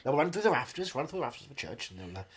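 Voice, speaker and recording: A man doing an impression of a pompous older Welsh actor with a put-on Welsh accent, murmuring softly and repeating "wonderful". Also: mid-range voice, big pitch swings, rapid-fire, breathy edge, voice pushed down.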